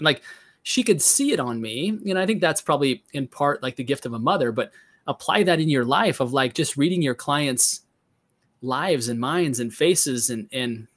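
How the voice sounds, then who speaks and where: A man of middle pitch hosting a podcast interview. He reflects on what his guest says and thinks aloud with small fillers. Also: expressive, normal speed, fairly bright tone. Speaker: podcast host. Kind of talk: conversational interview.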